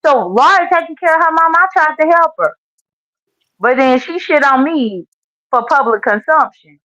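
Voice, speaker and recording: A woman's voice: sits high, expressive, normal speed, a bit bright, no echo, highs cut off. A woman guest on a livestream chat, heated and outspoken, swearing freely.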